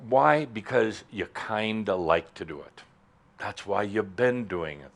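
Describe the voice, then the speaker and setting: A man giving a spiritual talk to a live audience in a hall, playful and provocative, with big sudden leaps in pitch and loudness. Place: warm hall with doors, in front of an audience.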